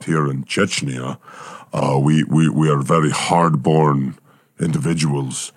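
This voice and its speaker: Man voicing a rumbling drunk talking bear. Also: steady tone, slow, no echo, studio quality, exaggerated voice. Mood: gruff. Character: gruff male talking bear, ex-Soviet war experiment. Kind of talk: improvised comedy podcast role-play.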